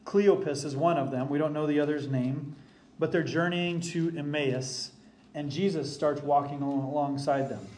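A man preaching a sermon from the pulpit as the pastor, emphatic and deliberate, slowing down to stress key phrases. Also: on the high side, steady tone, darkish tone.

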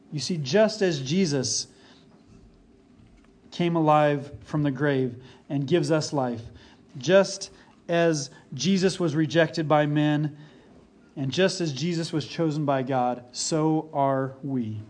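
Slow, earnest male preacher. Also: a little high, darkish tone. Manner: earnest, repeats key phrases for emphasis; slow and deliberate. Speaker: pastor. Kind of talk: sermon.

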